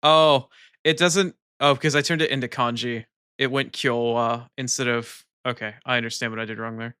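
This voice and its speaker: Bright-voiced American man chatting on stream. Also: mid-range voice, fairly even intonation, moderate pace, smooth, no room sound, clean studio sound. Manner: chatty, reads chat aloud, laughs often. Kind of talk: casual live-stream chat.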